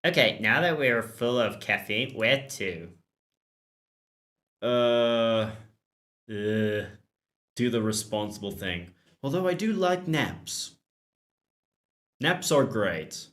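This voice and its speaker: A man's voice: medium pitch, animated, slow pace, long pauses, fairly bright tone. A man hosting a gaming channel, giving joking, chatty let's-play commentary while reading the dialogue.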